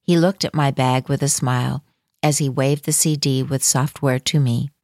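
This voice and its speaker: A woman with a low voice reads a first-person account in calm, measured scripted narration. Her voice sounds dry and close, with no room around it. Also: dry recording.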